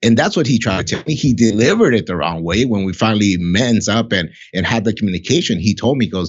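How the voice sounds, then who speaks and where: A man's voice: on the low side, animated, fast talker, hardly any pauses, breathy edge, muffled recording. A middle-aged man, a podcast guest, talking candidly and with heavy profanity about fatherhood in casual conversation. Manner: blunt, profane, heartfelt storytelling.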